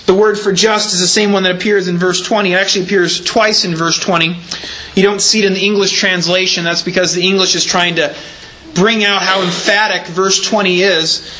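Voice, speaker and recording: A man's voice: sits high, fairly even intonation, a little fast, sharp tone, poor audio. A man preaching a sermon in a church, explaining scripture carefully and leaning hard on repeated words for emphasis. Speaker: pastor.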